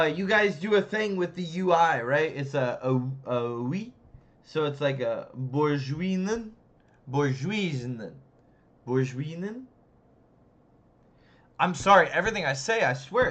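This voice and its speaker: A man's voice: fairly high pitch, moderate pace, few pauses, fairly bright tone, muffled recording. An English-speaking man casually chatting while streaming a strategy game, self-deprecating and fumbling over French words again and again. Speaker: gameplay streamer. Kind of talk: casual gameplay commentary.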